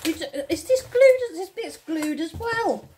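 A woman's voice: very high voice, lively intonation, takes it slowly, warm tone, slight background noise. A woman with a Northern English accent who rambles chattily and talks to herself during a casual unboxing vlog. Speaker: vinyl unboxing vlogger.

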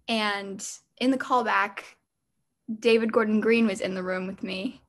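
Slow, hesitant girl actress. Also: mid-range voice, fairly even intonation. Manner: hesitant, full of ums and likes. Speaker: young actress guest. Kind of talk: casual interview answers.

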